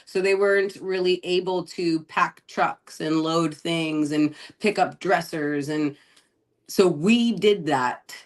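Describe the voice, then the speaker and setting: Chatty, low-pitched woman storyteller. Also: takes it slowly. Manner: chatty, laughing often, lots of "like". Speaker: guest investor. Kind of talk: casual storytelling.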